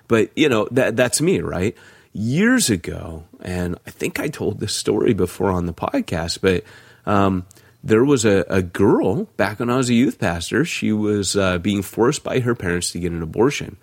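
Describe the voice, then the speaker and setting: A man who co-hosts a podcast and pastors a church, telling a story in a casual, animated way with lots of fillers. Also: fairly low pitch, normal speed, breathy edge, dry recording, clean studio sound.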